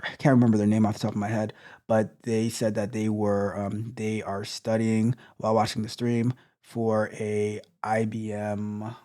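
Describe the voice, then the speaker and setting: Speaking in a fairly low, mellow voice, this male tech coach delivers blunt motivation to his viewers. His talk is repetitive, and he stammers through frequent restarts of words.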